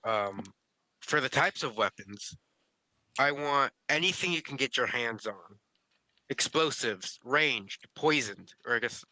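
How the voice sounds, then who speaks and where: A man playing a character in a tabletop role-play over voice chat, talking eagerly with quick restarts. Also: medium pitch, lively intonation, pushed and bright, no echo, poor audio. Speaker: player.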